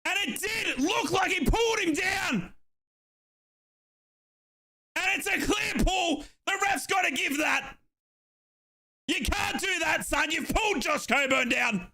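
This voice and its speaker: A young man from Australia giving excited, breathless live commentary on a football match as a fan streamer, shouting and chanting along. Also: extremely high pitch, slow pace, pauses often.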